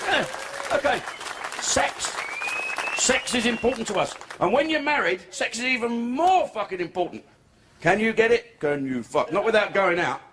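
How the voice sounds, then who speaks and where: Male stand-up, crude and brash, high pitched, live club recording with audible noise. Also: very animated, normal speed, a crowd in the background. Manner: crude, swearing, brash storytelling. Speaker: stand-up comedian. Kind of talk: stand-up comedy set. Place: comedy club stage before a laughing audience.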